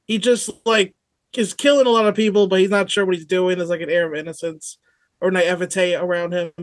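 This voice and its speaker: A man co-hosting a podcast, explaining his thoughts in a relaxed, rambling way full of "like". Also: high-pitched, fairly quick. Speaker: podcast co-host. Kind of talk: casual chat.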